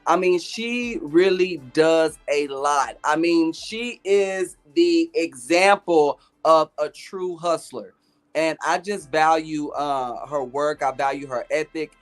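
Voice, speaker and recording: A man co-hosting a casual podcast, speaking in a measured way with frequent ums and uhs. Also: on the high side, soft background music. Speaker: podcast co-host. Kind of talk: casual recap chat.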